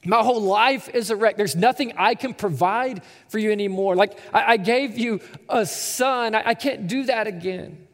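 A preacher voicing a weary grieving older widow. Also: male voice, high voice, moderate pace, few pauses, in a large hall. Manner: gentle, resigned, trailing off softly.

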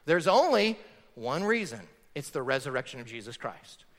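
A man preaching a sermon as pastor, animated, acting out quotes in the delivery. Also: medium pitch, moderate pace. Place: church sanctuary. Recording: church hall reverb.

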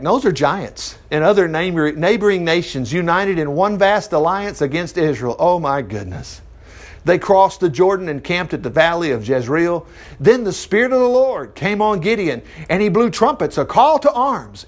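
A middle-aged man preaching, reading a Bible story aloud and breaking off with chuckling, animated commentary. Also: high-pitched. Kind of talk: Bible reading with lively asides.

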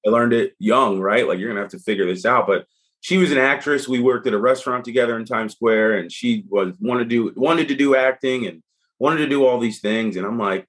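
A man's voice: medium pitch, fairly quick, slightly rough. A middle-aged man speaking as a podcast guest, telling stories casually and acting out what people said. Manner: animated, acts out quoted speech. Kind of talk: casual conversational storytelling.

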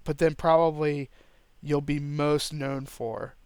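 A man co-hosting a podcast, chatting casually about movies in a relaxed, jokey way with plenty of fillers. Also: on the high side, slow, smooth, no echo. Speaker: podcast co-host.

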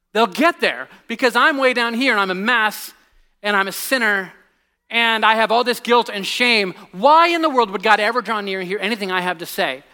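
Pastor, man in his 40s, high clear voice, loose storytelling sermon. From United States. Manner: animated storytelling, drops to a hushed voice on serious points, many restarts. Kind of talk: conversational sermon.

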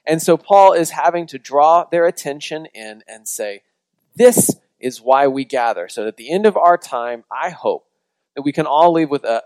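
A man's voice: fairly high pitch, a little mellow, no echo, poor audio. A man preaching a sermon as a pastor, telling a story in a conversational way with frequent restarts before leading into prayer.

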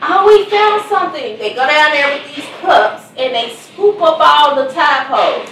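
High-voiced woman in an echoey room. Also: moderate pace, distant mic, slight background noise. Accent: Kansas City, Missouri. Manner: animated storyteller who acts out quotes and laughs often. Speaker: mother of the victim. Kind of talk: telling family stories in an interview.

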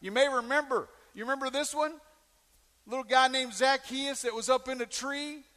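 Male pastor mid-sermon, folksy, asks the room questions; high voice, echoing church hall. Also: steady tone, normal speed, sharp tone. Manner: folksy storytelling with questions to the congregation.

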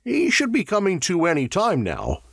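A man voicing a gruff, bossy older medic who anxiously reads out symptoms. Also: high-pitched, huge pitch swings, moderate pace, no room sound, clean studio sound, voice pushed up, heavily acted. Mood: alarmed. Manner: urgent, reading out symptoms.

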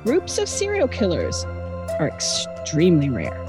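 Over music, an Australian-accented woman from Adelaide co-hosting a true-crime podcast explains the story in an earnest, conversational manner. Her lowish voice swoops wildly in pitch, and she speaks unhurriedly.

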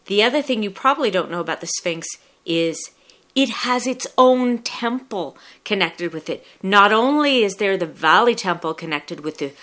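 A woman with a crisp, bright voice hosts a podcast. She asks questions and explains history with lively curiosity. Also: medium pitch, moderate pace. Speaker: podcast host. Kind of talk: casual interview and explanation.

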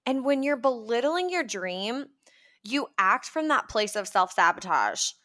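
Young woman, podcast host, chatty and upbeat, bright forceful voice, acts out quotes. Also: a little high, big pitch swings, a little slow. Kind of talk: casual podcast monologue.

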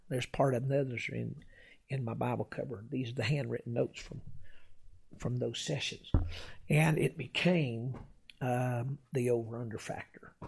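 A man preaches with a rough, gravelly edge and a slightly breathy, husky tone. He teaches in an unhurried way, pausing on filler sounds and reading old-style scripture aloud. His pitch sits in the middle range for a man. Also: darkish tone. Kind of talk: sermon-style teaching with personal story.

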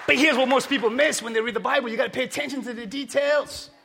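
A man preaching a sermon to a congregation, energetic and often shouting. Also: very high voice, fast talker, vocal fry, husky, some chatter behind. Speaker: pastor. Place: church hall with congregation.

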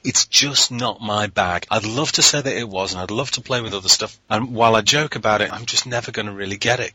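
A man's voice: on the low side, brisk, hardly any pauses, sharp tone, breathy edge, no room sound, poor audio. A British man hosting a podcast in casual chat, blunt, sweary and wry. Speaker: podcast host.

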